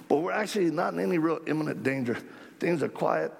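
A man leading a ministry, telling stories to a live audience in an animated, folksy way with jokes about himself. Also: on the high side, a little fast, creaky. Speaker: ministry leader speaking to supporters. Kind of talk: storytelling talk to a live audience. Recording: long hall reverb.

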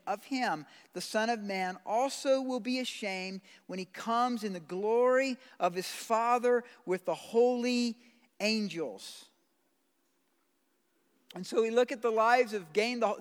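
A man preaching a sermon as pastor, blunt and conversational, swinging from loud pleading to quiet. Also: high voice. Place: church sanctuary. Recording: long hall reverb.

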